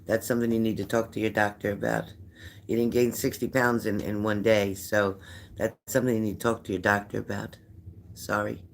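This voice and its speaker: An older man with a somewhat low voice chats loosely to his livestream viewers, rambling and greeting them by name. He sounds worn out. A faint hiss of noise sits under his voice. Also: little pitch movement, a little fast, creaky. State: tired. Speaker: psychic livestream host. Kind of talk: casual livestream chat reading viewer comments.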